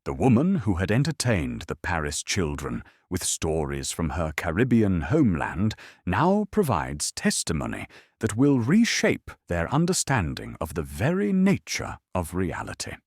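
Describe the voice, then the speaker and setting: Male sleep-story narrator: deep, breathy, wide-ranging lilt, soothing pace. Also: wildly swooping pitch, no echo, clean studio sound. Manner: slow, soothing, measured storytelling.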